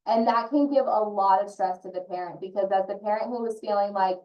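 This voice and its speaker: A woman's voice: medium pitch, brisk, few pauses, dark tone. A woman who works as an early childhood consultant, speaking earnestly and personally as a parent in an online training session. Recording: roomy echo from a distant mic.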